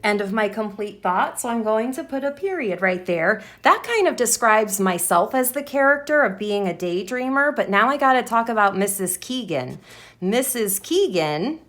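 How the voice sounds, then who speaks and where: A woman's voice: fairly high pitch, lively intonation, a bit bright. A woman teaching a writing lesson, modeling her sentences aloud and repeating words as she writes them down. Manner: slow, deliberate, repeats words while writing.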